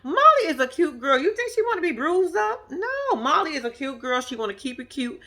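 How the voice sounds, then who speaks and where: Sassy bright-voiced woman recapping TV. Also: high voice, very animated, fairly quick. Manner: blunt, sassy, laughs often; slangy and profane, addresses viewers directly. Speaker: vlogger recapping a reality show. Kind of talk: casual reaction commentary.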